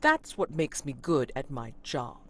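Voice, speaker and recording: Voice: mid-range voice, huge pitch swings, measured pace, fairly bright tone, exaggerated voice. A game master voicing a broad-shouldered male police constable who barks suspicious questions in a tabletop role-play. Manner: barking, suspicious, officious.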